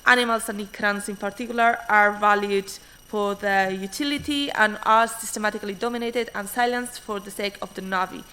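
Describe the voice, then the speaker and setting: Hurried bright-voiced woman presenting a paper. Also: mid-range voice, rough recording. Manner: hurried, frequent restarts and fillers. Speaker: academic conference speaker. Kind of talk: reading a conference paper.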